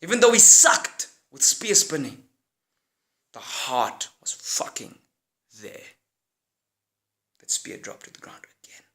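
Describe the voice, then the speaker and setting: A man telling a casual yet dramatic story in a slangy, expressive way. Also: on the high side, takes it slowly, long pauses.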